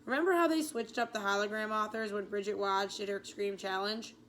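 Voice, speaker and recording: A woman's voice: medium pitch, brisk, a bit bright, slight background noise, lightly acted. A woman voicing an eager know-it-all girl who gushes about history facts. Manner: eager and gushing.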